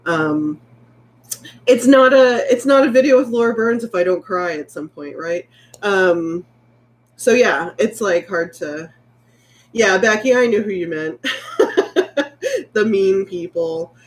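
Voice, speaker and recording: A woman's voice: medium pitch, expressive, takes it slowly, long pauses. A woman, chatting candidly with viewers and reading their comments, rambling and heartfelt. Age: late 30s. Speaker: vlogger. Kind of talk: casual livestream chat reading viewer comments.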